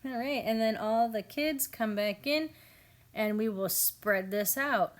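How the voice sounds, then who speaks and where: In a slow, somewhat high voice, a woman in her thirties walks viewers through her home garden for her family homestead vlog. She's easygoing and entertained, chatting freely and often passing on things her family said.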